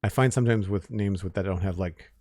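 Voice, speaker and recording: On a live stream, a man plays a game and chats casually with viewers, commenting as he goes, reading out chat names and thanking followers in a relaxed way. His deep voice moves fairly quickly, with no echo.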